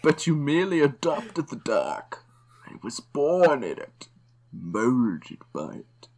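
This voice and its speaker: A woman doing an impression of a menacing masked male film villain, drawn out and slow. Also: a bass voice, very animated, a little mellow, heavily acted. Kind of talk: impression among friends.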